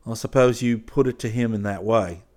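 Dry, unimpressed young painter for an audiobook, a man reading him, terse and low-voiced. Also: moderate pace, darkish tone, lightly acted. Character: dry, laconic young male artist.

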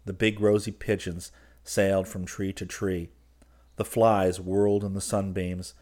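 A man reading a classic novel aloud in measured, even audiobook narration. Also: fairly low pitch.

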